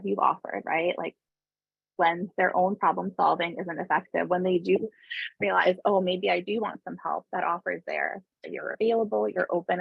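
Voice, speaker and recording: A woman giving a parenting webinar in a calm, conversational way, with a gravelly voice full of vocal fry. Her voice is very husky and breathy. It comes over a tinny, dry, phone-like line. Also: lowish voice, no echo. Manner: conversational, often adds tag questions; calm explaining tone, briefly voices parents and kids. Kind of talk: informal online presentation.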